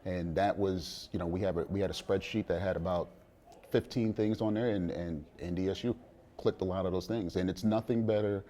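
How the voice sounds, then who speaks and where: A middle-aged man, the father of a young player, talking in a relaxed sit-down interview with many fillers and restarts. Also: sits low, fairly quick, a little hiss or hum. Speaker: interview guest, father of a college quarterback.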